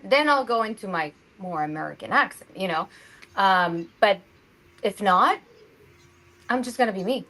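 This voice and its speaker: A woman's voice: medium pitch, normal speed, rough recording. A woman from Mexico, an actress chatting as an interview guest and acting out the people she quotes. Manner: animated, acts out quoted voices. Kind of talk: casual interview chat.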